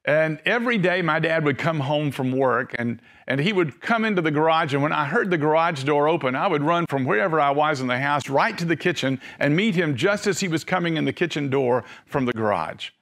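Middle-aged preacher guy telling stories in a sermon, fairly high voice, gets slow and soft at the sad parts. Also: lively intonation. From Tennessee. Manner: storytelling, slows and softens for emotional moments.

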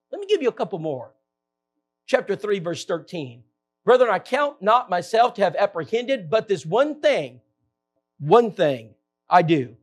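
Reading scripture aloud in slow, stressed phrases, a man preaches a Bible-teaching sermon, his pitch and volume climbing for emphasis.

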